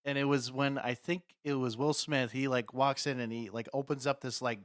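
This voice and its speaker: A man co-hosting a podcast, riffing on ideas in an animated, casual way. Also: mid-range voice, normal speed, dry recording, studio quality. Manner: animated, riffs on ideas, laughs. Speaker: podcast co-host. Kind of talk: casual chat.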